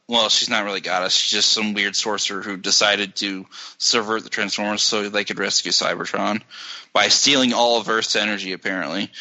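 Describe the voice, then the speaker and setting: A sarcastic man explains film plots on a casual podcast. His voice sits low in pitch yet sounds very bright and edgy. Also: poor audio. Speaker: podcast co-host.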